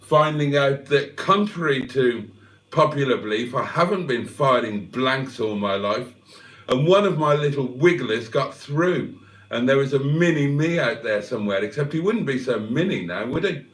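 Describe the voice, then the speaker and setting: A man's voice: medium pitch, expressive, normal speed, fairly bright tone. A man, hosting a casual livestream, reading out comments and swearing freely with self-mocking humour. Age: 50s. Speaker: livestream host.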